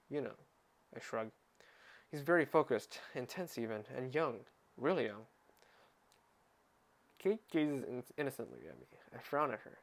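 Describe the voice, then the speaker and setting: Sarcastic man reading a novel aloud. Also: medium pitch. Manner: sarcastic, interrupts reading with exasperated comments; stumbles and restarts words while reading. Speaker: reader of a parody audiobook. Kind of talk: mock audiobook reading with asides. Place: at home.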